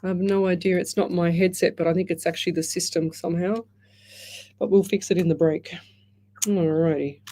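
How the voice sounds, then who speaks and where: A woman's voice: fairly low pitch, fairly even intonation, brisk. Chatty woman hosting radio. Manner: chatty and rambling, warm greetings to callers. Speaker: radio show host and psychic medium. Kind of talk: live radio chat, reading out listener comments. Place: radio studio. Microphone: headset.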